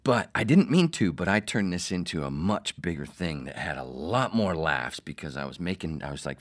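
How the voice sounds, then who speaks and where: A middle-aged man hosts his podcast alone, telling stories in a loose, profane way and acting out the lines he quotes. His voice sits very low but jumps around a lot, loud one moment and muttering the next. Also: moderate pace. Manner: profane, animated, acts out quotes. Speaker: podcast host, former radio producer. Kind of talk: casual storytelling monologue.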